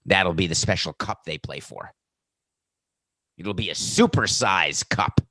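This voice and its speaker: A man's voice: low-pitched, lively intonation, a little slow, sharp tone, no echo, studio quality. A man hosting a sports podcast, talking in a sarcastic, mocking way. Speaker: podcast host.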